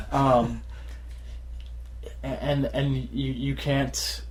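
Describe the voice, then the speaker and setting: A tired man co-hosting a podcast in casual chat, rambling and laughing often as he acts out shouted quotes. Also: mid-range voice, flat delivery, very slow. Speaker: podcast co-host.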